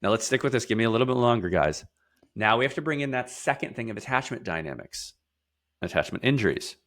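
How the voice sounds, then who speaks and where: A man guest in an interview, explaining emphatically, stacking lists of words and repeating key phrases. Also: lively intonation. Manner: drops to a quieter, slower, lower delivery for heavy points. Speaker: podcast guest, somatic therapist.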